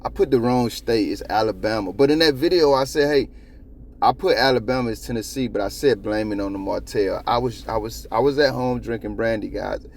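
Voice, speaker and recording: A man's voice: mid-range voice, fairly quick, creaky, slight background noise. A man in casual commentary, loose and profane, rambling from point to point. His voice sits in a middling register but swings up and down as he gets worked up. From South Florida. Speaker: copwatch channel host.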